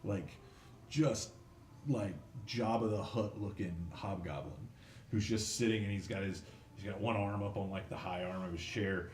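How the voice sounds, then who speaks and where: A man's voice: sits low, moderate pace, a little mellow. A man narrating a tabletop game as game master, rambling with many fillers. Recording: echoey room, some noise.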